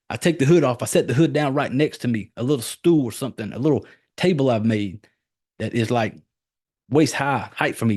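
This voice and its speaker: Reviewing a horror film on his podcast, a man speaks casually in a loose, rambling, animated retelling sprinkled with swearing. His voice stays at an ordinary middle pitch, then leaps sharply higher when something has worked him up.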